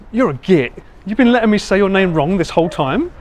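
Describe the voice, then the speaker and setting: A man's voice: high-pitched, a little hiss or hum. A man with an Essex accent chatting casually with his live viewers while walking city streets, teasing and laughing as he goes. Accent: Essex English. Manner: lively, laughing, teasing banter with swearing. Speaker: IRL livestreamer.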